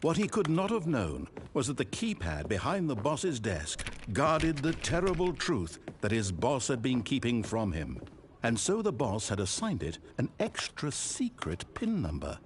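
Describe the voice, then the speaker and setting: A man playing a calm, wry male narrator, telling the story in measured scripted narration that swells dramatically. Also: medium pitch. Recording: game audio with steady background noise.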